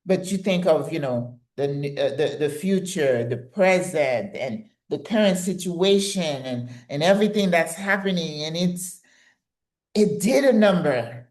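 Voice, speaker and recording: Emphatic older woman giving advice. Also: sits low. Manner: emphatic and direct, coaching tone. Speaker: channel host giving advice. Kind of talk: motivational advice talk.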